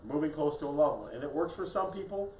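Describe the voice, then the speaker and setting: A man's voice: fairly high pitch, lively intonation, quick pace, darkish tone, reverberant, distant mic, a little hiss or hum, poor audio. A man co-hosting a live real estate show, talking in a chatty, joking way full of "yeah" and "right". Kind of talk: casual live-stream chat.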